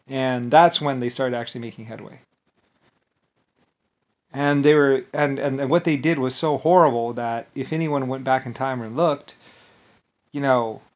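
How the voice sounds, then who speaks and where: A man delivering an angry, rambling monologue, swearing often, repeating himself and restarting his sentences. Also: mid-range voice. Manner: profane, repetitive, ranting with many restarts. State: agitated and angry. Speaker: vlogger.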